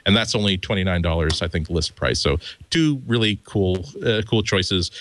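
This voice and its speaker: A man's voice: deep voice, moderate pace, a bit bright, dry recording. Rambling man reviewing gadgets. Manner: rambling with many restarts and fillers. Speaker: tech panelist. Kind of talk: casual tech review chat.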